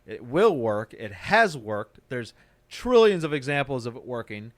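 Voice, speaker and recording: A man's voice: medium pitch, very animated, unhurried, no echo. Ranting, profane male comic, dry sound. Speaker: podcast host; stand-up comic. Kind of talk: casual chat.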